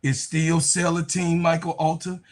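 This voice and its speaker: A man's voice: a little high, completely flat delivery, moderate pace. A man co-hosting a casual sports talk show, blunt and profane, often restarting his words. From Chicago. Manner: blunt, profane, talks over himself. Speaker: co-host.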